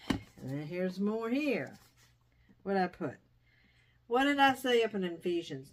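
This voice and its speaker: A woman's voice: medium pitch, sing-song, a little slow, long pauses. A middle-aged woman chatting casually in a home vlog, wandering off topic and coming back. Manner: chatty, digressive. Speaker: vlogger. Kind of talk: casual chat. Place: dining room used as sewing room.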